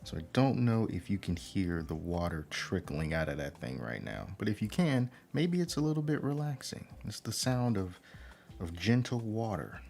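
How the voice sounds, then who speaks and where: Building a model kit on a relaxed livestream from his home, this man hums and thinks aloud without any hurry. His voice runs on the low side, gravelly and darkish, with big swings in pitch.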